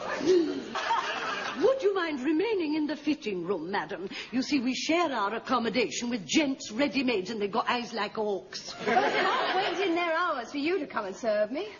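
A haughty older sitcom saleswoman with a plummy, affected, high and swooping voice, over loud audience laughter. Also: big pitch swings, normal speed, crowd noise. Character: haughty older female shop assistant. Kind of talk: 1970s TV sitcom acting. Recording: lo-fi archive TV clip with loud studio audience laughter and hiss.

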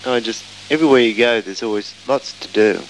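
A man's voice: mid-range voice, fairly quick, slight background noise, poor audio. A man telling a casual, meandering travel anecdote. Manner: rambling, meandering storytelling.

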